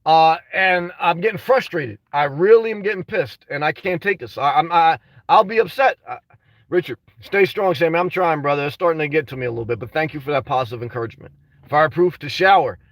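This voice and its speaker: A man's voice: a little high, a little fast, no room sound, distant mic. A man rambling in a casual livestream, reading out chat messages, frustrated and full of restarts and "man". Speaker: vlogger reading live chat.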